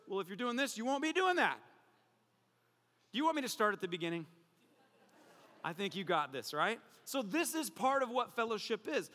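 In a large hall, a male pastor with an extremely high-pitched voice preaches a sermon. He's animated and conversational, tossing in playful asides.

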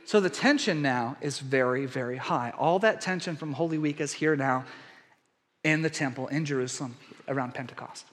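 A man preaching a sermon, retelling a story with lively shifts and acted-out crowd voices. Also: medium pitch, normal speed. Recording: hall reverb.

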